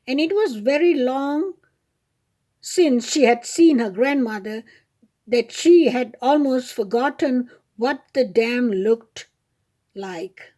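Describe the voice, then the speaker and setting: A woman's voice: high voice, a little mellow. A woman reading a fairy tale aloud as a storyteller, with small slips and self-corrections along the way.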